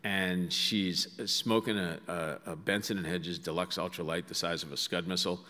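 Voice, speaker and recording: A man's voice: low voice, steady tone, normal speed, bright, forceful tone. A middle-aged man with a Boston accent, telling wry stories with asides to an auditorium audience. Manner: wry anecdotal storytelling with asides. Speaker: author speaking to an audience. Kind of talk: storytelling talk. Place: large auditorium. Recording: long hall reverb.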